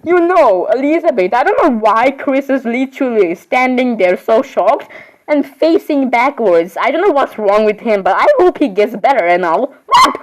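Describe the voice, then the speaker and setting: A woman's voice: fairly high pitch, expressive, moderate pace, rough recording. A woman voicing every doll in an improvised role-play, talking in a rambling, chatty way with sudden surprised squeals. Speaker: voicing all the dolls in a homemade role-play.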